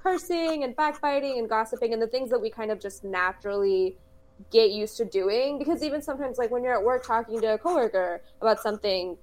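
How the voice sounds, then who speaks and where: Her pitch fairly high and her tone darkish, a podcast co-host talks fairly quickly in a casual chat, going into lengthy explanations and laughing readily.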